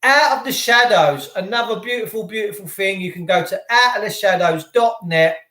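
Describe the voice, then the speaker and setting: A man hosting a live stream from home, talking to viewers in an excitable, effusive, rambling way. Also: high voice, normal speed, roomy sound. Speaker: channel host. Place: indoors at home.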